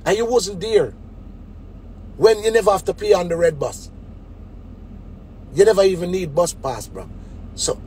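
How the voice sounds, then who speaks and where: A man's voice: high voice, very animated, normal speed, long pauses, a little mellow, a little hiss or hum. A man with a Jamaican accent in a casual comic rant, mocking people and dropping into sneering quoted voices. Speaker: DJ ranting on a web show.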